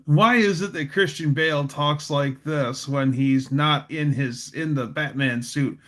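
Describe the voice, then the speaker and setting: A man's voice: on the high side, unhurried, a bit bright. A man hosting a casual livestream, chatting in a goofy, playful way. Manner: goofy and playful, does silly voices. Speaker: livestream host.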